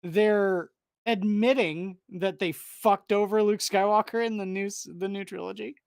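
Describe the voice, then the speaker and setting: Male co-host, halting delivery full of fillers, dry close sound. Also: high voice, steady tone, creaky, clean tone, dry recording. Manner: hesitant, many fillers. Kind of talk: casual livestream chat.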